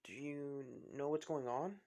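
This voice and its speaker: A man voicing a gentle, kind teenage boy hero in a fan story, talking softly and reassuringly. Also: a little high, a little slow, lightly acted. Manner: soft, reassuring.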